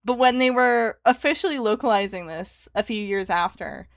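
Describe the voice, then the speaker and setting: A young woman chats through a game on a live stream, giggling often and reading lines aloud. Her voice sits fairly high and jumps around a lot. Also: animated, moderate pace, creaky, no room sound, clean studio sound. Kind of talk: casual gaming stream commentary.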